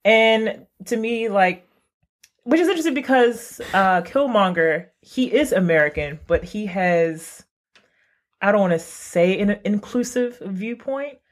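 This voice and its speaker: A man's voice: high-pitched, lively intonation, a little slow. Man, casual podcast co-host, rambling delivery full of restarts. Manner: rambling, many restarts, frequent laughs. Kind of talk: casual chat.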